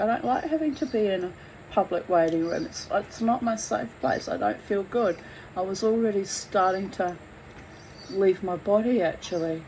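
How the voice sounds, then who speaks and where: A woman telling her own story in a candid, blunt and animated way, swearing freely as she goes. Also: mid-range voice, normal speed, slight background noise, rough recording. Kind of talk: candid first-person storytelling.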